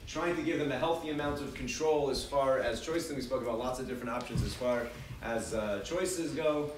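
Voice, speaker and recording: A man's mid-range voice comes through fairly quickly but far from the mic, with a noisy background, as he teaches a parenting class in a large, echoey hall. The lecture is chatty, with audience questions and frequent repeated and restarted words.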